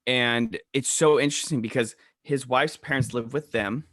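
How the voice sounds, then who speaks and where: A young man chatting on a podcast, telling rambling anecdotes and slowing down to sort out the details. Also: mid-range voice, a bit bright, dry recording, clean studio sound. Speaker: podcast co-host. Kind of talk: casual storytelling chat.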